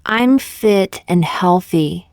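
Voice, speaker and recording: A woman reading short example sentences one by one for English learners, in a slow, deliberate, evenly paced way. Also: fairly low pitch, lively intonation, a little mellow, clear, resonant tone, dry recording, studio quality. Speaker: English teacher.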